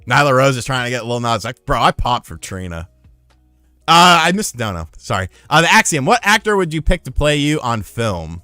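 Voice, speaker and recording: A man's voice: medium pitch, moderate pace, no room sound, soft background music. A man streaming live, telling rambling, profane stories in casual chat. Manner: profane, rambling, animated storyteller. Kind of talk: casual storytelling on a livestream.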